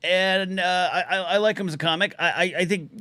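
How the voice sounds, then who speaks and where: A middle-aged man hosting a live call-in stream, chatting loosely and reading out chat names, his throat a little scratchy from shouting. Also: sits high, steady tone, no room sound. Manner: chatty, quick asides, reads out chat names. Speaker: livestream call-in show host. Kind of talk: casual rambling live-stream talk.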